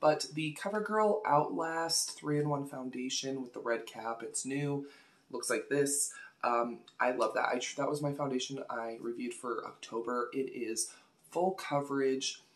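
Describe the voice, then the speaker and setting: A woman's voice: extremely low pitch, normal speed. A woman hosting a casual beauty product review vlog, chatty and gushing, often repeating words for emphasis. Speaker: beauty vlogger.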